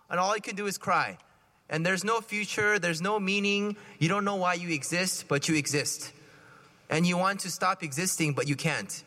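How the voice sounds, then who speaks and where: Animated preacher man in a reverberant hall. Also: fairly high pitch. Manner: conversational, animated, acts out scenes. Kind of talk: sermon.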